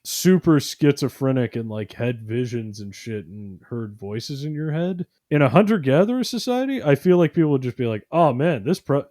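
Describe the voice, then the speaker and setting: A man's voice: mid-range voice, darkish tone, no echo, studio quality. A man co-hosting a podcast, rambling in casual chat with lots of fillers and sarcastic mock voices. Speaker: podcast co-host.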